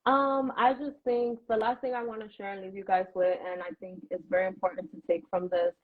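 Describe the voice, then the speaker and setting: A woman's voice: medium pitch, flat delivery, fairly quick. Earnest woman guest over a tinny line. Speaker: guest, a mother. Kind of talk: remote interview chat. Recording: tinny phone-like call line.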